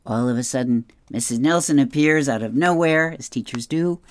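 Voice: medium pitch, moderate pace. A reader describing comic strips aloud, with chatty asides and chuckles.

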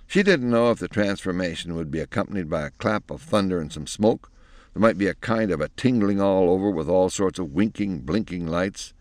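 Deep-voiced man reading a storybook. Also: brisk, no room sound, studio quality. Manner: expressive, animated reading. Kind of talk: storybook narration.

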